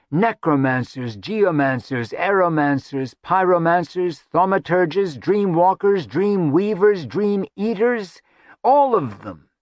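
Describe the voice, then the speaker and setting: A man's voice: sits high, no echo, studio quality, pitched above the performer's own voice. A man voicing a sardonic woman who speaks darkly and mockingly, telling old lore in a storybook reading. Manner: brooding, mocking, drawn-out. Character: dark-spoken sardonic woman, lore-teller.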